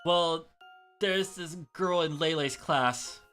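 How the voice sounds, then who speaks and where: A frantic young boy squeaks out excuses, played by a man. His bright, nervous voice pleads with his mother. Faint music runs under him. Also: takes it slowly. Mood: hesitant.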